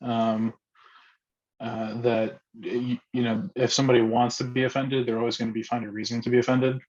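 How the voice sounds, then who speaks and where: A man's voice: medium pitch, flat delivery, normal speed, a little mellow, lo-fi sound. A man facilitating an online group discussion, speaking hesitantly with many ums and restarts.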